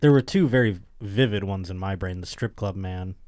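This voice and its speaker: Wisecracking podcast host. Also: male voice, low-pitched, normal speed, a little mellow, dry recording. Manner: dry, wisecracking questioner. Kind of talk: casual chat, interviewing. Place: podcast studio.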